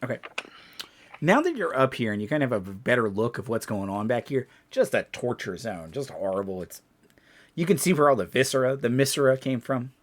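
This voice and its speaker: A man running a tabletop game as dungeon master, playful and animated. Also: medium pitch, a little fast.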